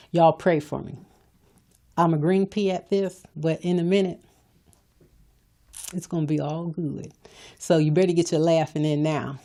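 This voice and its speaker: A woman's voice: deep voice, warm tone. An older woman hosting her own podcast, giving a folksy, preachy motivational talk straight to her listeners. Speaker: podcast host.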